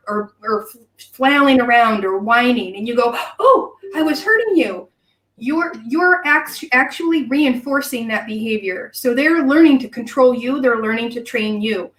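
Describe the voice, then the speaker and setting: A woman dog trainer hosting the interview, explaining training ideas in a measured, instructive way. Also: fairly high pitch, fairly bright tone, distant mic. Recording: roomy sound, away from the mic.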